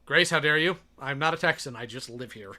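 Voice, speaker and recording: A man's voice: medium pitch, fairly quick, a crowd in the background. A man live-streaming his reaction to a video, chatting sarcastically and reading donations aloud.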